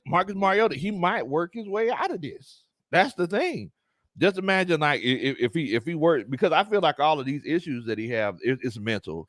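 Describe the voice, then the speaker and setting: A man's voice: a little high, no room sound, studio quality. A man hosting a casual live-stream sports chat, reading viewer comments aloud and laughing often. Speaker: sports talk show host.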